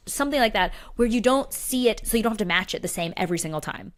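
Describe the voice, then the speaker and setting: A woman's voice: medium pitch, expressive, fast, hardly any pauses. A young adult woman co-hosting a podcast, telling stories in a casual chat with lots of fillers and restarts. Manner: chatty storyteller, many fillers and restarts. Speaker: podcast co-host.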